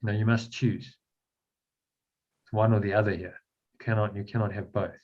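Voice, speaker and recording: A man with a fairly low voice guides a spiritual study group over a dull, lo-fi line. He explains things patiently and tends to repeat words as he talks. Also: fairly even intonation, moderate pace. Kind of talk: guiding a spiritual text discussion. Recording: dull lo-fi sound.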